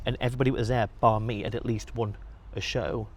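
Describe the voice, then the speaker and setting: Fast-talking bodybuilder telling stories. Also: male voice, mid-range voice, slight background noise. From England. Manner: swears freely, animated storytelling. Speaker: podcast guest, bodybuilder. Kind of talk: casual storytelling.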